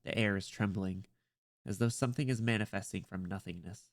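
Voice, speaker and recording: A mysterious figure speaks in a low, hushed, ominous tone about a growing power, as a man reads it aloud. Faint game music hums behind him. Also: fairly quick, natural voice.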